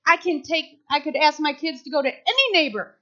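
High bright-voiced woman preaching. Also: fairly quick. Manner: animated storytelling, acting out quoted voices. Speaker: speaker at church service. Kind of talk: sermon with personal stories. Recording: slightly dull lo-fi sound.

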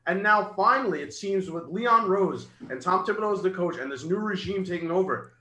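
A man's voice: high-pitched, animated, fairly quick, pushed and bright, reverberant, poor audio. A man co-hosting a casual sports podcast, speaking earnestly and rattling off statistics.

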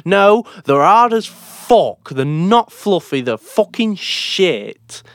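A man's voice: sits high, very animated, slow pace, no echo. A man from Britain in casual chat, blunt and sweary, mocking things he dislikes.

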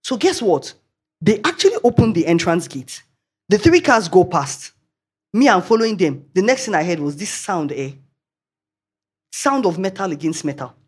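A woman's voice: fairly low pitch, very animated, moderate pace, slightly rough. A woman with a Nigerian accent preaching a sermon, telling chatty anecdotes and laughing along the way. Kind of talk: storytelling sermon.

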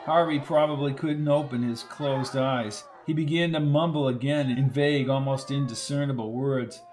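A man reading an audiobook thriller in a steady, measured narration. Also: medium pitch, slight background noise. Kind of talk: scripted narration. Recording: narration with music behind.

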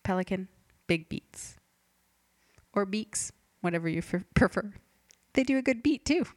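On her comedy podcast, a woman delivers a deadpan monologue, rambling, forgetting things, and cutting herself off mid-thought. Her medium-pitched voice is expressive, a little slow and slightly mellow, recorded dry at studio quality.

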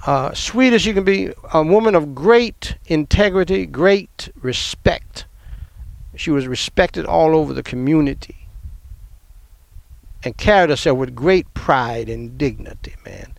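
Man, middle-aged, high gravelly voice, emotional storyteller. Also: measured pace, no echo. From American South. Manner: emotional, animated, laughs often. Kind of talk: personal storytelling.

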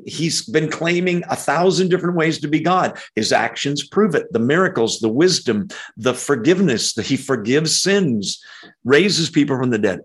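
A man preaching through a passage in a relaxed, conversational way. He gets animated and lifts his voice high when he acts out quoted lines, and he scatters ums between points. His voice sits at a middle pitch. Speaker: pastor. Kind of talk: expository sermon.

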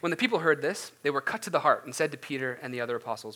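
A man preaching a conversational sermon, animated and informal, with frequent restarts and asides. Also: mid-range voice, rapid-fire. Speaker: pastor.

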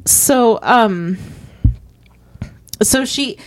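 A woman's voice: on the high side, extremely slow, dry recording. A woman talks through a movie scene by scene in an easy, chatty way, and she slips into the characters' voices as she goes. The sound is close and dry, with no room heard around her. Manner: animated, retells scenes with quoted voices. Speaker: podcast co-host. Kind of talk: casual movie discussion.

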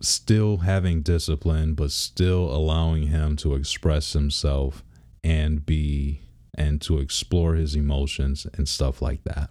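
A man in his thirties, a father, talks slowly in a darkish bass voice with fairly even intonation. It's a casual personal vlog, and he rambles in a laid-back way, laughing now and then.

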